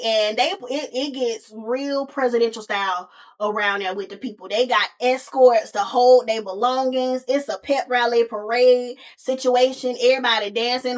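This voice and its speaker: A woman hosting a podcast, recapping a movie in a casual, slangy, animated way, as if talking to a close friend. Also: fairly high pitch. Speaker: podcast host.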